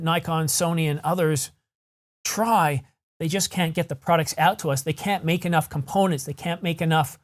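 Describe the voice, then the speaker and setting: A man hosting a camera news channel, ranting in a frustrated, rambling way and correcting himself as he talks. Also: a little high. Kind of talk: solo vlog rant.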